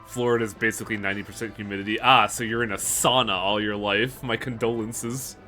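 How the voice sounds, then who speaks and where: A man's voice: lowish voice, fairly even intonation, fairly quick, bright, forceful tone, faint music behind. A man streaming a game, chatting casually and swearing freely. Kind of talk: casual chat while playing a game.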